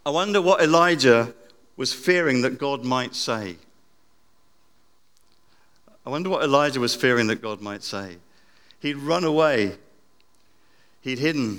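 Preacher, man: reflective sermon, loud then hushed, bright tone, echoing church hall. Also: on the high side. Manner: reflective, with repeated phrases and wide swings from loud to hushed. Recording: long church reverb.

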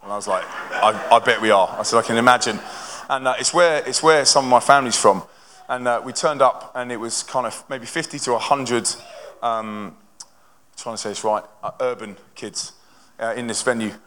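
A young man from a touring Christian band, telling stories to a church audience in an energetic, conversational way with lots of restarts. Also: medium pitch, moderate pace. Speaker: touring Christian band member speaking to a congregation. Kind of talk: live testimony talk to an audience. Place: church hall with a live audience. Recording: long hall reverb from a large venue.

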